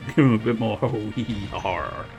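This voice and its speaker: A man's voice: fairly low pitch, brisk, creaky, a little mellow, soft background music. A man streaming a video game, joking and rambling with frequent laughs. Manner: jokey, rambling, laughs often. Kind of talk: gaming livestream commentary.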